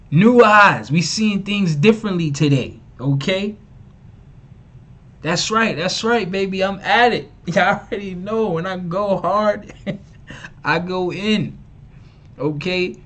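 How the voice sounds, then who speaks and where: Emphatic, scornful male livestream preacher with a slangy delivery and a slightly raised pitch. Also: takes it slowly. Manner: emphatic and repetitive, mocking, slangy. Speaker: online preacher and teacher. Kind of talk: live-streamed preaching.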